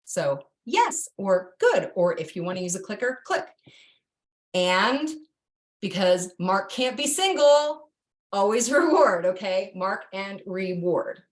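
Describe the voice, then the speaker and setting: A woman's voice: sing-song, takes it slowly. A middle-aged woman giving a casual, direct online dog-training lesson, talking straight to her students. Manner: chatty, direct, jumps to a high sing-song for cue words. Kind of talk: online course instruction.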